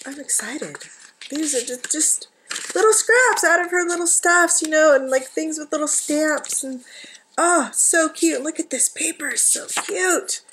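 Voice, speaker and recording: A gushing, excitable woman with a somewhat high voice chats at home about craft goodies. She talks casually from her couch and wanders into lots of little asides. Her tone is friendly and unscripted. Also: a little slow, slight background noise. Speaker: craft vlogger and art journaling teacher. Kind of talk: casual chatty haul vlog.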